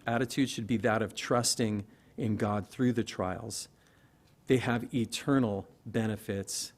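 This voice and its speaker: A man preaching a conversational, verse-by-verse sermon as pastor at a church service, often asking rhetorical questions. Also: on the low side. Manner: conversational, asks rhetorical questions, laughs lightly.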